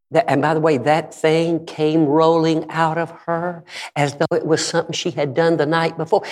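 A male pastor preaching a sermon with passion, going from hushed storytelling to shouting. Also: on the high side, level tone, normal speed. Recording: long reverb in a large hall.

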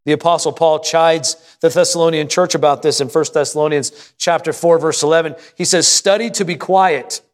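Male pastor preaching a sermon, fairly high-pitched, calls out to the congregation for responses. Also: little pitch movement, brisk, hardly any pauses. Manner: reads scripture aloud and acts out an anxious prayer.

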